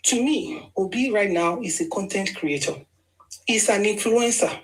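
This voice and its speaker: A woman's voice: mid-range voice, unhurried, rough recording. A woman with a Nigerian accent, giving an emphatic, argumentative political monologue in a casual style with frequent restarts. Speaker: political commentator.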